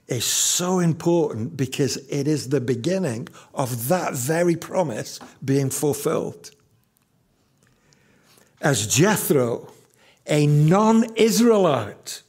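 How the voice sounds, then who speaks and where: Male pastor in his fifties, unhurried sermon delivery with emphatic repetition. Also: fairly high pitch, a little mellow, slightly rough. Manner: slow, emphatic, repeats key lines.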